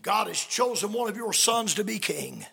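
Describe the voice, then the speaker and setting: Man doing a loud insistent old prophet, high and gravelly. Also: animated, normal speed, heavily acted. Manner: loud and emphatic. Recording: long hall reverb.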